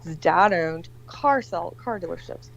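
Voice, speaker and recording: A woman in her forties tells a long story in an animated, rambling way, with plenty of swearing and voices for the people in it. She sits on a video call. The audio is a little dull and lo-fi. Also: on the low side, a little slow, vocal fry. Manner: rambling, profane, animated storytelling with acted-out quotes. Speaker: livestream guest. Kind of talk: casual storytelling chat.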